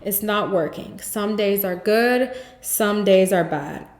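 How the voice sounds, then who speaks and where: A woman's voice: mid-range voice, slow pace, a little mellow. A young woman hosting a podcast, telling her own story in a candid, emphatic way, full of "like" fillers and blunt swearing. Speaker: podcast host. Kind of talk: personal testimony, casual storytelling. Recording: roomy echoey recording.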